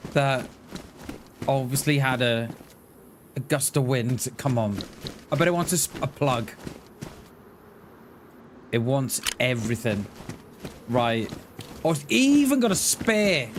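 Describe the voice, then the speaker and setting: This Welsh gamer keeps up casual live-stream chat, frequently laughing and thanking viewers who donate. He speaks with a somewhat high voice over background noise.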